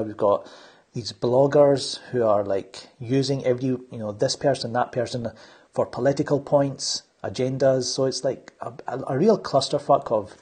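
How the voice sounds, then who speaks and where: A man's voice: medium pitch, darkish tone, breathy edge. A man hosting a casual podcast chat, rambling with lots of fillers and restarts. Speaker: channel host.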